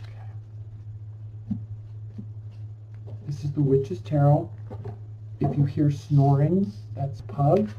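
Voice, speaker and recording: A fairly high-voiced man chats his way through a tarot reading at home, rambling and effusive as he talks to the viewer. The sound is dull and lo-fi, with the mic set some way off from him. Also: drawn-out words, long pauses, distant mic, slight background noise. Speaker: tarot reader. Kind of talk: casual tarot reading to camera.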